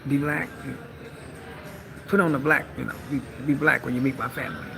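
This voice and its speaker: A woman's voice: extremely low pitch, fairly quick, gravelly, a crowd in the background. A woman giving a sassy, bawdy comedy monologue on a live stream, calling listeners honey.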